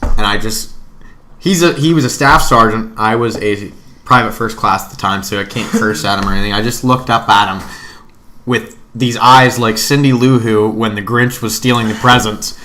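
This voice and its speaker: A young man co-hosting a casual podcast, telling stories with profane, animated energy. His voice sits low yet sounds bright and forceful. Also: normal speed. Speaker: podcast co-host. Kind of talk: casual storytelling among friends.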